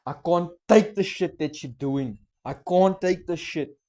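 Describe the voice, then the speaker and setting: Young male reaction host, slangy, excitable, slightly high voice. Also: measured pace. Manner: excited, explains lyrics, mixes slang and swearing. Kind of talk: casual reaction commentary.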